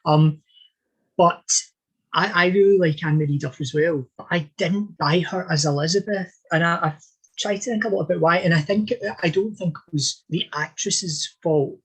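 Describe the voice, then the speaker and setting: A man's voice: on the high side, normal speed, husky, poor audio. A man speaking as a historian guest in a podcast interview, talking in a discursive, thoughtful way with frequent self-corrections.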